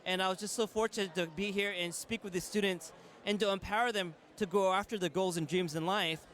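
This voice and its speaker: A man's voice: sits high, fairly even intonation, fairly quick, fairly bright tone. A man who mentors youth, speaking in an earnest, motivational way. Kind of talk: interview answer.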